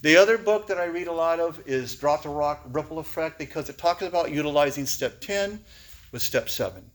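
A man's voice: fairly high pitch, brisk. A man giving a candid, emotional personal testimony to a recovery meeting, often laughing as he speaks.

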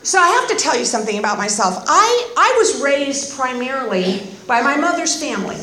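An older woman from Northern California shares her story at a recovery meeting, wry and self-deprecating, full of chatty asides. Her voice is high, and the sound rings in an echoey room. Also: big pitch swings, fairly quick, pushed and bright. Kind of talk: personal storytelling talk.

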